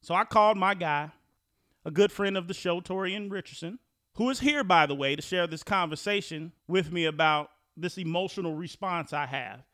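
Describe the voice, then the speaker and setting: High, bright-voiced male podcast host. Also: normal speed, dry recording, clean studio sound. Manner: conversational, repeats and restarts when thinking. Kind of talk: casual podcast talk.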